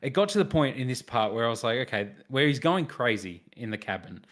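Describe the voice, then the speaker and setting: Animated man retelling his reactions. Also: mid-range voice, a little fast. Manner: animated storytelling, acting out his own reactions. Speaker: podcast co-host reviewing films. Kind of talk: casual chat.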